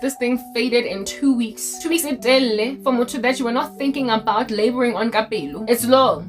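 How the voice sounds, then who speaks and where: A young South African woman with a South African accent, giving a casual, animated Christian talk full of jokes and asides. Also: on the high side. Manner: animated, code-switching, jokey. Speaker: Christian video creator. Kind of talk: casual preaching monologue.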